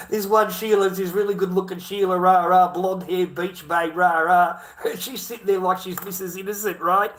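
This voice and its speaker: A man's voice: high voice, fairly even intonation, moderate pace, few pauses, a bit bright, low-quality recording. A middle-aged Australian man ranting casually to camera, rambling and heavy with profanity. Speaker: vlogger.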